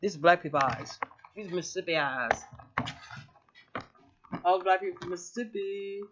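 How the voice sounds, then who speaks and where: A woman's voice: fairly low pitch, animated, normal speed, dull audio, noisy background. A woman talking casually to camera in a rambling vlog, swearing freely and laughing often. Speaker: vlogger.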